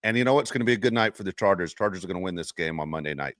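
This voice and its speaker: A man hosting a casual sports podcast, talking in an emphatic, animated way. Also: sits low, rapid-fire, no room sound, clean studio sound. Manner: animated, emphatic trash talk. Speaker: podcast host.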